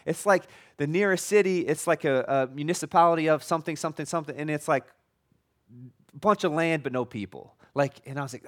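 A man's voice: on the high side, brisk. A middle-aged man preaching a sermon as a pastor, in a conversational way, with frequent restarts and jokey asides.

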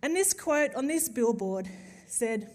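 Woman preacher, animated sermon delivery, light humour, fervent peaks, slightly high voice. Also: a little slow. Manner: humorous, animated storytelling with emphatic build-ups.

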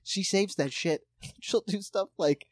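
A man chatting casually, telling lively stories and swearing freely as he acts out what others say. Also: high-pitched, slow, no echo. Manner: animated storyteller, acts out voices, swears freely. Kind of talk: casual chat.

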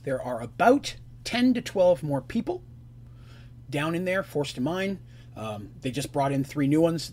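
A man narrating as game master on a live stream, in a relaxed, rambling style. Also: on the high side, slight background noise.

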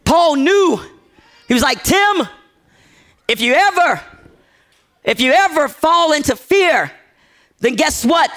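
A man preaching a sermon, telling a story with repeated phrases, acting out the characters' lines and shouting at the peaks. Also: very high voice, animated, slow pace, pauses often. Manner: acts out characters' quoted lines.

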